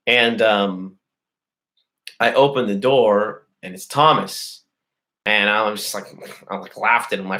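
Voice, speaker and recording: A man's voice: fairly low pitch, normal speed, pushed and bright. Profane, boastful man telling a story. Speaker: host. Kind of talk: casual storytelling to a live chat.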